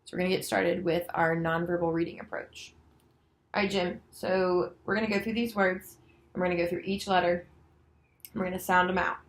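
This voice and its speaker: A woman demonstrating a nonverbal reading lesson, slowly and patiently sounding out letters and words. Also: on the low side, little pitch movement, low-quality recording. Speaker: special education student teacher.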